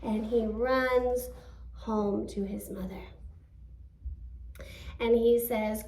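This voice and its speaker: A woman's voice: on the high side, slow pace, long pauses, darkish tone. A woman teacher telling a story to young children with animation, stopping often to ask them questions. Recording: roomy, distant from the mic.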